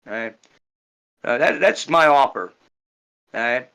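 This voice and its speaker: At a tabletop game, a man speaks in character, rambling and adding "right?" to nearly every sentence. His mid-range voice is slow, a bit bright and smooth, though the audio quality is poor.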